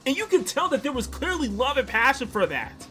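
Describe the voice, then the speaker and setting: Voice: sits high, big pitch swings, a little fast, fairly bright tone, soft background music. A streamer in their thirties ranting heatedly about a game during a stream. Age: 30s. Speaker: gaming streamer.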